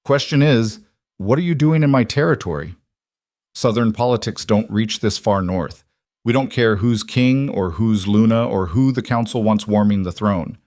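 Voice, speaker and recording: A man voicing a gruff, blunt wolf-pack alpha of about fifty. He talks in short, rough-edged words, low in pitch and close and dry. A hard mountain chieftain from a storybook. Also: normal speed, a little mellow, no room sound, natural voice. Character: gruff middle-aged male wolf-shifter alpha, blunt.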